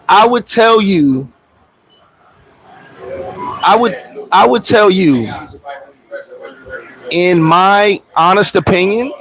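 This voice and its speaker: A man hosting a casual livestream, telling stories in a profane, animated way, with loud outbursts, and answering viewer comments. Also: high-pitched, rough recording. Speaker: livestream host.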